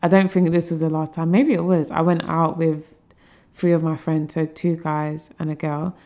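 Gravelly young woman telling a story. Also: sits low, flat delivery, moderate pace, warm tone. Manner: rambling anecdotes, teasing. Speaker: podcast co-host. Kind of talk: casual chat.

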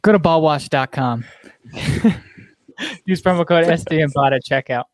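A young man with a somewhat high voice, easygoing and quick to laugh as he co-hosts a podcast. He reads an ad in a loose, offhand way. The sound is dry and close. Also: dry recording. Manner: easygoing, laughs often, short agreements. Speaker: podcast co-host. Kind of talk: casual chat with ad reads.

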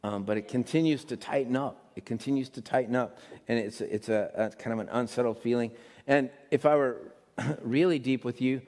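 A man's voice: mid-range voice, normal speed, a little mellow. Male pastor preaching in a reverberant hall. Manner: casual, rambling, many restarts. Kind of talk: sermon. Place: church sanctuary.

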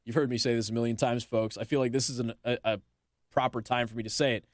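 A man's voice: mid-range voice, steady tone, quick pace, no echo, studio quality. A male talk radio host, possibly from Indiana, delivering an indignant, sarcastic monologue.

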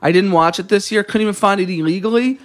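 A man co-hosting a podcast in casual chat, reading out a list in a jokey, animated way and swearing freely. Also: high-pitched, quick pace. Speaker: podcast co-host reading a listener email.

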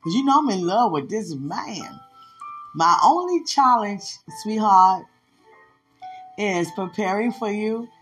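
Woman host, slow and husky, lively swooping delivery, faint music underneath. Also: on the low side. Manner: playful, laughing, drawn-out exclamations. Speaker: podcast host. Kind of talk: affectionate casual monologue with prayer.

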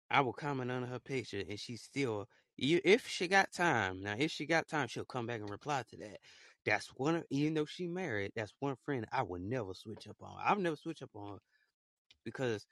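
A man's voice: mid-range voice, fairly bright tone, no echo, clean studio sound. A young man hosting a casual solo podcast, talking in a rambling, repetitive, heartfelt way. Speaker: podcast host.

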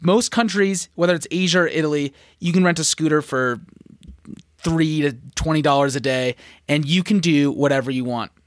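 Young male co-host, punchy and hyped, slightly high voice, dry close mic. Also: moderate pace, no room sound. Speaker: podcast co-host. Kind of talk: casual podcast chat.

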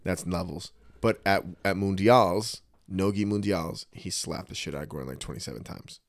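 A middle-aged man co-hosting a podcast, telling blunt, animated stories with swearing in casual chat. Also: low voice, moderate pace, no echo. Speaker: podcast co-host.

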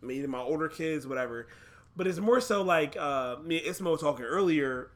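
A man co-hosting a casual dad podcast, telling stories in a quick, expressive way. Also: fairly high pitch. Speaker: podcast co-host.

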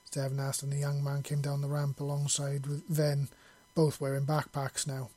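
A man narrating a story in a steady, even storytelling voice. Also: a little high, moderate pace, no echo. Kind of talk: audiobook narration.

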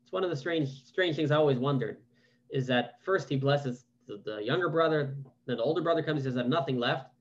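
A man's voice: mid-range voice, fairly quick, lo-fi sound. A man teaching a Torah class over a video call, reading verses aloud and then asking questions in a casual, conversational way. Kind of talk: online Bible class with casual commentary.

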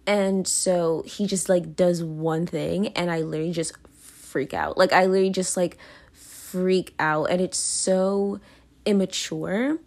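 In a steady, darkish voice on the low side, a young woman hosts her own podcast at a measured pace. The casual confessional monologue has her talking through her feelings, rambling self-consciously with lots of fillers and restarts.

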